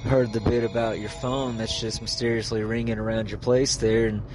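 A man's voice: lowish voice, level tone, moderate pace, over music. A man calling in to a radio show, leaving a rambling message full of fillers. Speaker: caller. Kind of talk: phoned-in message.

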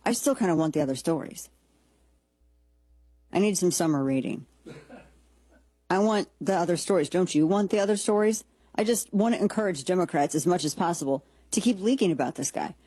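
A woman hosts a political talk show with a slightly husky voice, recorded dry and close to the mic. She talks in a sarcastic, blunt, joking way and often restarts her sentences as she thinks aloud. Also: on the low side, a little fast, long pauses, dark tone, no room sound. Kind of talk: opinionated political commentary.

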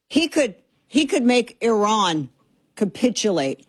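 Husky, sarcastic woman radio host. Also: mid-range voice, very animated, a little slow, no room sound. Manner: sarcastic, exasperated, rambling with fillers. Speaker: radio talk show host. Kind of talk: casual opinionated radio talk. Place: radio studio. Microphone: studio microphone.

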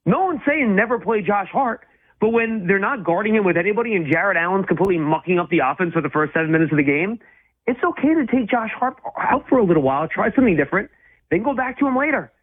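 A man co-hosting casual sports talk, talking fast and emphatically, with many restarts. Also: high-pitched, animated. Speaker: sports radio co-host. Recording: tinny phone-like line.

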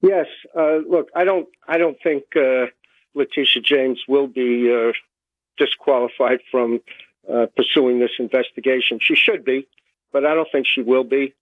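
A man gives guest commentary by phone on a talk radio show, pausing often with fillers. The line is tinny and phone-like, with no room echo. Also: mid-range voice. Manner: hesitant, many fillers.

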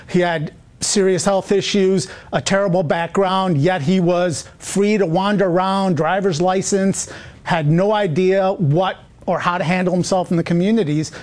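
A man's voice: sits high, a little mellow. A man speaking as a guest on a news interview, earnest and frustrated. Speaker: interview guest, grieving father.

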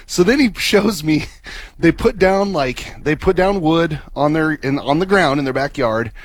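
Man, radio co-host, higher pitch, dry studio sound, excitable, laughing storyteller. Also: measured pace, no echo. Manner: excitable, laughs, acts out quotes. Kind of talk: animated storytelling on air. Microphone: studio microphone.

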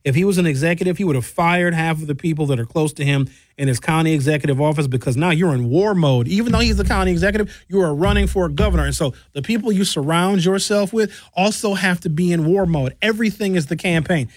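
A middle-aged man hosting a radio show, talking in an animated, opinionated way and sometimes acting out other people's voices. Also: a little high, fast, hardly any pauses, dry recording, clean studio sound. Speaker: radio host. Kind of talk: casual talk radio banter and commentary.

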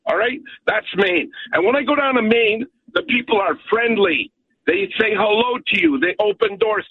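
Canadian guy calling in from montreal, very high voice, husky, tinny phone line. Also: normal speed, no echo. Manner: emphatic, repeats "okay?" often. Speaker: caller. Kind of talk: call-in radio rant. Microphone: telephone.

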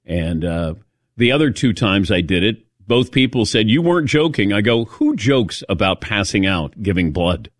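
A man's voice: lowish voice, sing-song, normal speed, no room sound, clean studio sound. A middle-aged man hosting a sports talk radio show, telling a self-mocking story in casual chat.

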